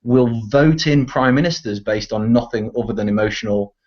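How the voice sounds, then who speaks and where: A man's voice: medium pitch, normal speed. A young man in casual online voice chat, ranting bluntly and swearing often. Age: teens. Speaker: discussion participant. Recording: dull lo-fi voice chat audio.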